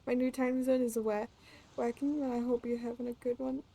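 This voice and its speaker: A woman streamer chatting casually while gaming, excitable and gushing, swearing freely. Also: fairly high pitch, brisk, gravelly. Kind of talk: casual gameplay chat.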